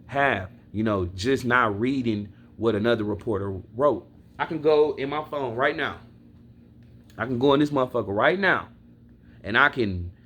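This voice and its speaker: Here a sports fan vlogger from Milwaukee, Wisconsin rants casually to camera, blunt and profane, addressing his viewers directly about his football team. He speaks at a medium pitch with a slightly bright tone.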